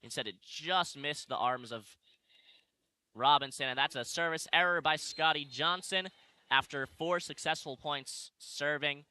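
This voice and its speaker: Young male play-by-play announcer, very bright voice, dry sound, quick live calling. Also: fairly high pitch, smooth, no echo. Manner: fast play calling with corrections. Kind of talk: live sports commentary. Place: arena broadcast position.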